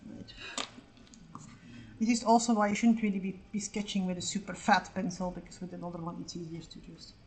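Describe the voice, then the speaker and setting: A woman's voice: lowish voice, little pitch movement, a little fast, darkish tone, reverberant. A woman art streamer chatting casually as she draws, scattered and self-mocking, and she swears freely. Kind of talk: casual live-stream chat while drawing.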